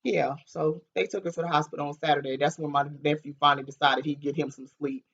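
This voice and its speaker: A woman vlogger telling a story in a casual, animated, profane way, laughing often and acting out what people said. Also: low-pitched, quick pace, husky, dull audio.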